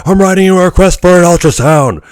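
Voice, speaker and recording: A man doing a gruff, barking Doc Brown. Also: sits high, fast talker, darkish tone, dry recording, clean studio sound, voice pushed up, lightly acted. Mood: alarmed. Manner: profane, barking, urgent. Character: salty older male doctor, gruff, blunt.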